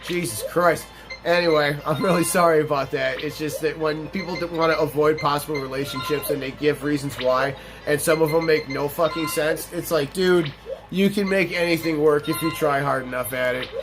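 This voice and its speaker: A young man with a somewhat high voice talks over a game, swearing freely and circling back on himself as he tells a long story. Faint game music plays behind him. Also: fairly even intonation, moderate pace. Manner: profane, rambling, emphatic storytelling. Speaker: let's play host. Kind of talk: casual storytelling over gameplay.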